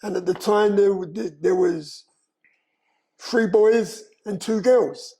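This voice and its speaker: An older man, slowly and earnestly telling his life story in an interview, with frequent "you know". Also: high-pitched, gravelly, dark tone, low-quality recording. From London, England. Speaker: guest.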